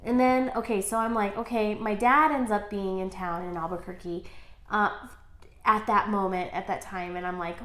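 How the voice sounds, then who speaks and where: A woman's voice: mid-range voice, normal speed, a bit bright, reverberant. A woman co-hosting a casual chat over wine, telling a story animatedly and acting out quoted dialogue. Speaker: small business owner, co-host.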